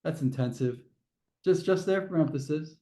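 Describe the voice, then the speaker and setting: A male teacher walks a class through a grammar lesson, one careful step at a time. His voice sits a little high for a man, with a mellow, relaxed tone. He restarts phrases and throws questions to the class. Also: normal speed. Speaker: test prep teacher.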